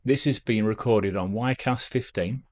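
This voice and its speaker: A man in his fifties with a fairly low voice. He talks straight to a camera on a stand at home, reminiscing and rambling in a loose, self-deprecating way. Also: normal speed. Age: 50s. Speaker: vlogger.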